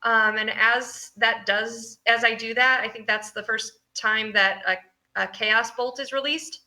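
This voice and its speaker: Slow, bright-voiced woman at a game table. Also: a little high, steady tone. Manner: hesitant, slow, many fillers. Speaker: player. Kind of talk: tabletop role-play.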